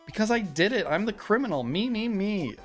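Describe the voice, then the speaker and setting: A man's voice: high-pitched, expressive, a little fast, fairly bright tone, soft background music, pitched above the performer's own voice. A man voicing a nervous, meek man who stammers and keeps insisting he is the guilty one. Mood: pleading. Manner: stammering, eager, pleading.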